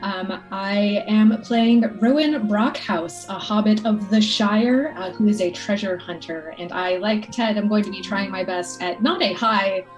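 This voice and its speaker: A woman's voice: medium pitch, a little slow, hardly any pauses, faint music behind, low-quality recording. Friendly woman player. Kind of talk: casual chat.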